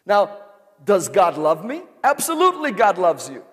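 Huge swings in pitch mark this pastor's high, fairly bright voice as he preaches at a moderate pace. He keeps throwing rhetorical questions to the congregation for them to answer, and the large church hall gives a long reverb.

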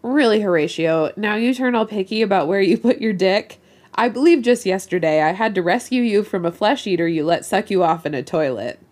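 A woman's voice: medium pitch, expressive, brisk, a little mellow, lightly acted. Snake, a woman putting on a blustering male pirate captain. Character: swaggering male vampire pirate captain, bossy and whiny.

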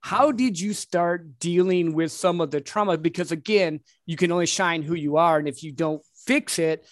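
A man's voice: fairly high pitch, moderate pace, no room sound, studio quality. A man hosting a casual podcast interview, affirming his guest and asking reflective questions. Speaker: podcast host, sales professional.

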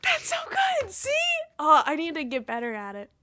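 Young woman, podcast host, casual chat, giggly, self-deprecating, high voice, lots of fillers. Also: wildly swooping pitch, moderate pace, heavy background noise.

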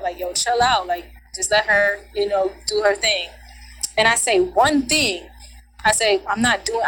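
Bright-voiced young woman telling a story. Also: on the high side, a little hiss or hum, low-quality recording. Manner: casual, heated retelling with quoted voices. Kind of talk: personal storytelling.

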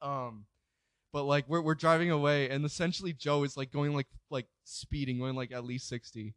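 A young man telling a story in casual chat, rambling, swearing freely and filling every pause with "like". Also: fairly high pitch, steady tone, a bit bright, clear, resonant tone, dry recording. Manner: rambling, swears a lot, fills with "like".

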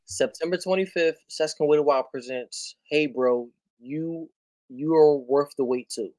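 A man speaking as a guest over a video call, his voice sitting a little high for a man and recorded close and dry. He keeps pausing on fillers, then speeds up and livens up when a point excites him. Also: no echo. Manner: animated, quick bursts when excited, many fillers. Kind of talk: casual chat.

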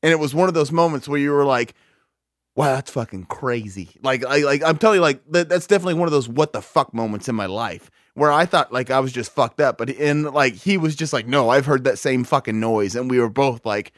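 A man's voice: medium pitch, a little fast, no echo, clean studio sound. A man telling a rambling, profane story in casual chat, full of fillers and restarts.

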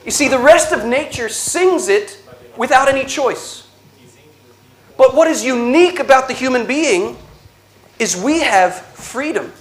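A man giving an inspirational religious talk, telling stories slowly with dramatic pauses and a playful, animated delivery. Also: extremely high pitch. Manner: slow dramatic storytelling with pauses. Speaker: Catholic speaker.

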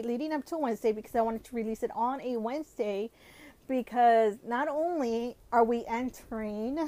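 A woman's voice: a little high, warm tone, dry recording. A woman with a cold, sounding nasal and congested, hosting a casual podcast, switching between English and Spanish and using lots of "you know" and "like". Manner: many fillers like "you know" and "like". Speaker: podcast host.

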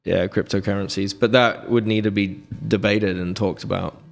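A British man in his thirties, a podcast guest answering in a measured, thoughtful way with dry humor. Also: lowish voice, steady tone, vocal fry. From United Kingdom. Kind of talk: casual interview chat.

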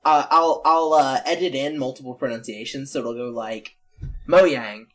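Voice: medium pitch, normal speed, fairly bright tone. A podcast co-host in casual chat who explains things at length and laughs often.

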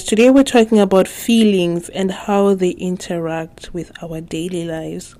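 Chatty woman hosting a podcast, mellow. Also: mid-range voice, slow. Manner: chatty, laughs often, frequent fillers. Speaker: podcast host. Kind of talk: casual solo podcast talk.

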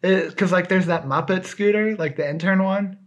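A man's voice: sits high, moderate pace. A man co-hosting a podcast in casual chat, joking and rambling with lots of fillers. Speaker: podcast co-host.

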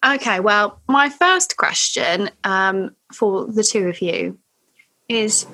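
A woman's voice: mid-range voice, lively intonation, takes it slowly, pushed and bright. A woman guesting on a casual podcast, asking questions in a playful, giggly way.

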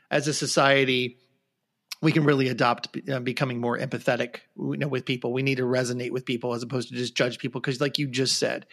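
A man's voice: mid-range voice, a bit bright. An earnest man hosts an interview and reflects on what his guest has said. He often restarts and repeats phrases to stress a point. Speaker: host. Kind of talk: interview conversation.

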